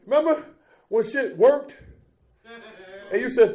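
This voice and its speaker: A middle-aged man speaks from a conference stage in a high register, telling his addiction story with blunt profanity. He keeps checking in with the crowd with "Huh?" and "You know what I'm saying?". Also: animated, normal speed, darkish tone. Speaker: guest speaker at a recovery conference. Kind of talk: raw testimony speech.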